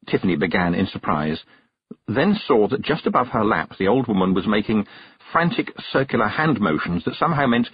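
A man narrating an audiobook in a measured storytelling manner. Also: fairly low pitch, sing-song, slightly rough, no room sound. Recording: dull, dry narration recording.

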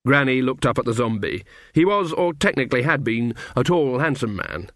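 A man narrating an audiobook in an even, wry storytelling manner. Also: mid-range voice, moderate pace, dry recording, clean studio sound.

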